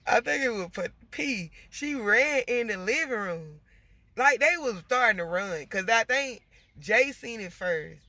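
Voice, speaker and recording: Woman vlogger, gravelly and sharp-toned, chatty venting with plenty of cussing. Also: a little high, animated, measured pace, no room sound. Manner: chatty, swears freely, keeps addressing viewers as y'all. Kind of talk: casual venting to viewers.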